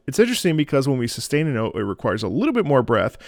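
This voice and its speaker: A man's voice: medium pitch, sing-song, fairly quick, few pauses, no room sound, clean studio sound. A man hosting a music reaction, explaining a song in a casual, musing way. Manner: musing, explanatory, often hums or sings lines.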